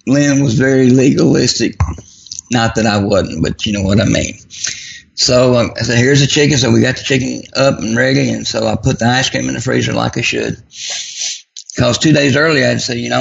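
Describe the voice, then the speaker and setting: A man with a deeply gravelly, raspy voice tells a personal story. He talks in a folksy, self-mocking way. The recording sounds dull and lo-fi. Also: fairly quick. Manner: folksy, self-deprecating humor. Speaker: guest.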